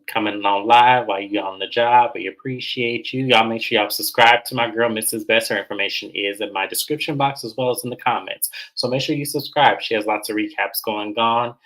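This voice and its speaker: Male host, casual TV recap chat, animated, mid-pitched, lively. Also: a little fast, rough recording. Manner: animated, mimics the cast in high voices.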